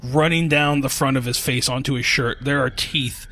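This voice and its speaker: Man, game master, casual scene narration, sound effects, bright voice. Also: mid-range voice, steady tone, normal speed. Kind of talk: narrating a tabletop horror game.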